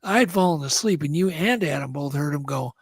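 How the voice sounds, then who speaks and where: Gravelly, husky man telling stories. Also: fairly high pitch, brisk, no echo, studio quality. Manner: excitable, acts out the sounds he describes. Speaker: guest. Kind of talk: animated storytelling.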